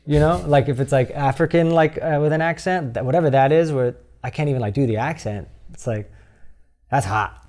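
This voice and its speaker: A man's voice: mid-range voice, a little fast, darkish tone. A man who is a comedian, chatting as a podcast guest in a studio. He swears freely, laughs often and acts out little quotes. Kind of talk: casual podcast chat.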